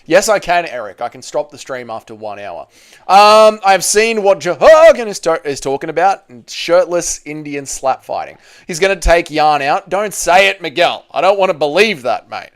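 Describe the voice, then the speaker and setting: A man's voice: on the high side, sing-song, normal speed. A man with an Australian accent hosting a live stream, reading chat aloud, swearing freely and teasing his viewers.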